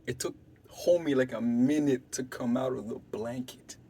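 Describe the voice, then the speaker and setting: A man's voice: medium pitch, normal speed, slightly rough. A young man from Canada telling a wild story in casual slang, swearing freely and acting out other people's lines. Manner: animated, swearing, acts out quotes loudly and softly.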